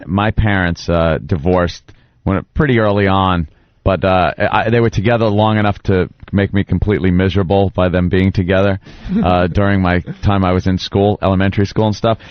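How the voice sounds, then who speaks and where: A middle-aged man, co-hosting a radio show and telling stories in an animated way, acting out shouted voices. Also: low voice, fairly quick, no room sound, dull audio. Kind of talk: casual storytelling on radio.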